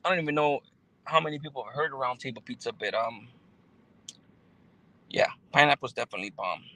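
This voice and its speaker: A man's voice: medium pitch, expressive, fairly quick, sharp tone, no room sound, poor audio. A man, chatting casually on a livestream as he reads and answers viewer comments, laid-back and full of slang and fillers. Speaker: YouTuber reading live chat.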